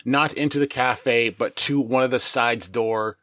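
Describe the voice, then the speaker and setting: A man's voice: mid-range voice, fairly even intonation, unhurried, fairly bright tone, dry recording, clean studio sound. A man playing a tabletop role-playing game, narrating his character's moves in a playful, cinematic way. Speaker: player.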